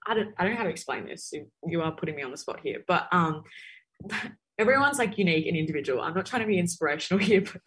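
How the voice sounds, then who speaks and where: A woman's voice: lowish voice, lively intonation, quick pace, a bit bright, husky. A young Australian woman, a student guest, talking in a rambling, self-conscious way. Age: young adult. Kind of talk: casual interview chat.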